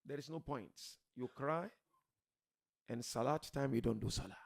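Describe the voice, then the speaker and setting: A man preaching a sermon to a gathering, swinging from soft pleading to loud shouted emphasis, asking rhetorical questions and repeating key words. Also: mid-range voice, normal speed, creaky.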